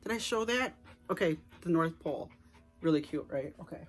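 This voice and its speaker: A woman's voice: low voice, lively intonation, moderate pace. A middle-aged woman, chatting casually to viewers at home as she shows off her shopping haul. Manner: chatty and enthusiastic, addresses viewers directly. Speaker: vlogger showing a shopping haul. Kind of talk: casual haul vlog chat. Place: at home indoors.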